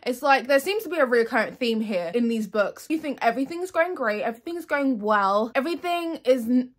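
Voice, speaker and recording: A woman's voice: high-pitched, expressive, brisk. A young British woman talking through her reading in a casual vlog, chatty and dramatic as she gushes about books. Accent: British English. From Britain. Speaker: book vlogger.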